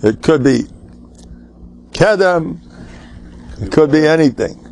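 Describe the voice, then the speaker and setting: Older rabbi lecturing; raspy and fairly high, emphatic, full of jokes and Yiddish asides. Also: male voice, lively intonation, takes it slowly, a little mellow. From United States. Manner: emphatic, joking, mixes Yiddish and Hebrew words. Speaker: rabbi giving a class. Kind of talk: informal Torah lecture.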